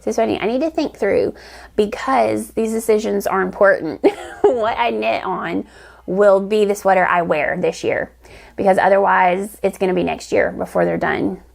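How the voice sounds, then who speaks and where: Gravelly-voiced woman chatting about crafts. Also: mid-range voice, moderate pace, darkish tone. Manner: chatty, enthusiastic, rambling with restarts. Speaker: knitting vlog host. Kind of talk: casual chat to camera.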